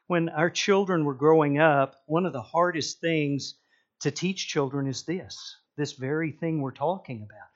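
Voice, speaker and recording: A middle-aged man preaches in an animated storytelling way, slipping into acted-out voices. His voice sits a bit high for a man. The recording sounds muffled and lo-fi. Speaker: pastor. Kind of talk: sermon.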